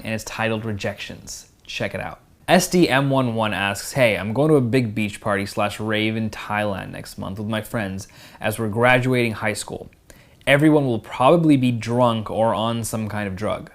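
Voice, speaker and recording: A young man hosting a casual question-and-answer, reading viewer questions aloud and answering them frankly and directly. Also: fairly low pitch. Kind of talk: casual Q&A advice.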